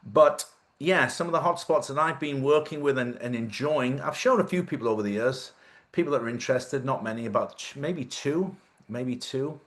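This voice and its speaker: A man's voice: mid-range voice, fairly quick, fairly bright tone. A man hosting a casual live-stream chat. He jokes, laughs often and swears freely. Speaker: host.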